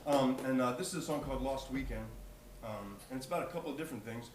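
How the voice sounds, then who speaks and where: A singer-songwriter telling a rambling story between songs at a live gig, relaxed with plenty of ums and uhs. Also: male voice, medium pitch, fast talker, noisy background. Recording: echoey live room, mic from a distance. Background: guitar playing.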